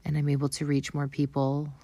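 A woman's voice: sits low, completely flat delivery, a little fast, dark tone, dry recording. A Canadian woman with a Canadian accent, talking earnestly and affirmingly in a casual spiritual vlog. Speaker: spiritual vlogger.

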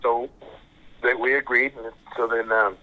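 An older man, a father, telling his story as a guest in a casual interview, soft-spoken and halting, repeating his words. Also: mid-range voice, level tone. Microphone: phone call. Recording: tinny phone line.

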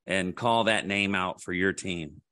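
A man's voice: low voice, unhurried, sharp tone, no echo, studio quality. A man co-hosting a sports podcast, asking the guest easygoing questions. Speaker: podcast co-host.

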